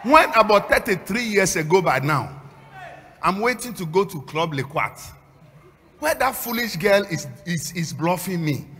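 High-voiced preacher shouting in a hall. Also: male voice, lively intonation, a little slow. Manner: shouting and half-singing exhortation. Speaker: pastor. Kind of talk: sermon. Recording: long hall reverb.

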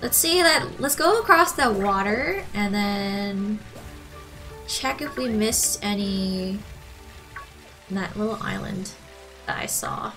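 A woman's voice: medium pitch, animated, takes it slowly, long pauses, fairly bright tone, faint music behind, rough recording. A woman streaming a video game live, chatting with viewers in a bubbly, gushing way, giggling and thanking them. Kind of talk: live gaming stream commentary.

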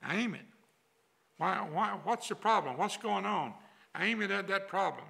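A man's voice: high voice, lively intonation, a little slow, gravelly, sharp tone, husky. An older man preaching a sermon as pastor, in a folksy, repetitive cadence. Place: church sanctuary.

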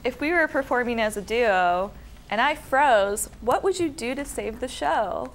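A woman on a mock dating show, asking questions in a relaxed, playful way. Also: on the high side, measured pace. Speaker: contestant. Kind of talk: casual game show questions.

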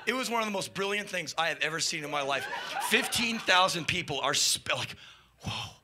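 A man telling a wild anecdote in an excitable, profane way, shouting and mimicking sound effects as he goes. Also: fairly high pitch, a little fast, background noise. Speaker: spoken-word storyteller.

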